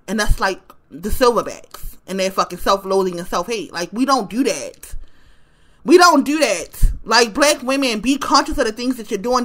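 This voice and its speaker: Talking directly to the camera in a relaxed vlog, this West Baltimore woman rants in a high, ringing voice. She curses bluntly, hammers her points by repeating them, and laughs a lot.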